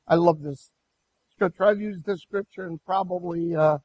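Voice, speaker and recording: A male pastor delivers a sermon, telling a personal story in an animated way. His voice sits high and carries a husky edge. He often restarts his phrases as he goes. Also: normal speed, dull audio.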